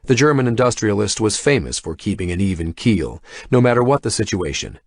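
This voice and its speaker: A man narrating a horror thriller audiobook in measured, scripted storytelling. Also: lowish voice, sing-song, no room sound, studio quality.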